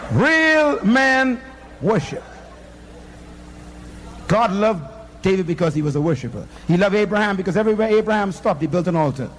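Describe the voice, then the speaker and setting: A man's voice: high-pitched, expressive, quick pace, a little mellow, a little hiss or hum. A man preaching a fiery sermon, emphatic and firing off rhetorical questions at the congregation. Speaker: pastor.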